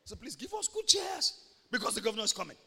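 Nigerian male pastor, sharp bright tone, animated sermon delivery, reverberant church room. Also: very high-pitched, fast talker, gravelly, husky. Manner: animated preaching, shifts between soft talk and shouts.

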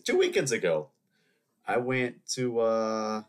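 Here a solo podcaster with a cold, his voice lowish and expressive, speaks at an even, moderate pace. He wanders off on tangents and throws in playful jokes aimed at his audience.

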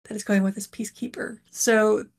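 A woman author chats as a podcast guest, talking through her work in a loose, easygoing way. Her voice sits at a middle pitch with a strong gravelly fry running through it. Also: fairly even intonation, brisk. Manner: conversational, loosely explains her book series. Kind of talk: casual chat.

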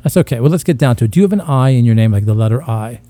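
Boastful rambling man with a dark voice. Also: mid-range voice, animated, racing, no room sound. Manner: boastful, rambling, self-mocking with frequent laughs. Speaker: podcast co-host. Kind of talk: casual crude comedic banter.

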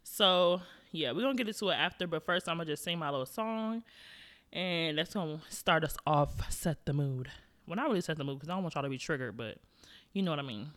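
A woman's voice: low-pitched, a bit bright. Young woman podcasting solo, chatty and slangy, talking right at her listeners. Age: young adult. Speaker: podcast host. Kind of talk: casual solo podcast chat.

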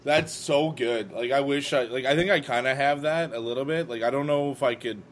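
A man's voice: medium pitch, brisk, a little hiss or hum. A man in his thirties chatting casually on a podcast, swearing freely and laughing easily. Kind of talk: casual chat.

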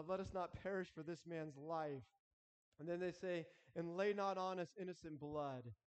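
A man preaches in an earnest, halting way, often restarting and voicing pleading prayers. His voice sits a bit high. The sound is dull and rings with long reverb in a big room. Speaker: pastor. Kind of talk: sermon.

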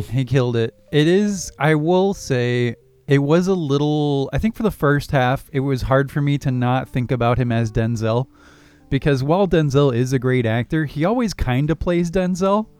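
Man, podcast co-host, chatty and laughing, smooth clear voice, soft music behind. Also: mid-range voice. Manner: chatty, quick to laugh, self-correcting. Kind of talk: casual movie-review chat.

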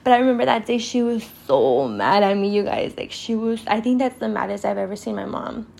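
A woman's voice: medium pitch, animated, a little fast, vocal fry, darkish tone. Chatty profane young woman telling stories. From California. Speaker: podcast host. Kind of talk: casual storytime.

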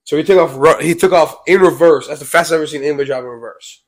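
A man's voice: fairly high pitch, racing. Rambling young man telling a story. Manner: rambling, repeats "I was like" often. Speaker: vlog co-host. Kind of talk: casual storytelling.

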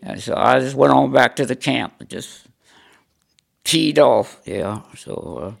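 Older man in his nineties from Indiana with a gravelly edge to his voice, at an ordinary pitch for a man, tells frank, salty stories in an interview. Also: animated, a little slow. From Indiana, USA. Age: 90s. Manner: blunt, salty storytelling with repeated "I said". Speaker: veteran interviewee. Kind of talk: recounting life stories in an interview.

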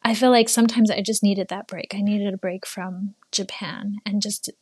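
A woman's voice: medium pitch, fairly even intonation, moderate pace, a little mellow, breathy edge, no echo. Chatty young woman, dry close sound. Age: 20s. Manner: chatty, lots of fillers, laughs while talking. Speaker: guest, former English teacher. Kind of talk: casual interview storytelling.

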